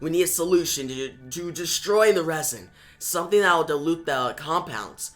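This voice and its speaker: Man doing a quiet young Robin. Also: a little high, expressive, moderate pace. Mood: determined. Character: young male hero Robin, determined.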